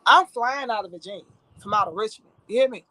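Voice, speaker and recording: A woman with a high-pitched voice tells a story from her own life in a casual vlog. She talks in an animated way, swears freely and keeps turning to the listener. The sound is dry and close, with no room echo. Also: fast.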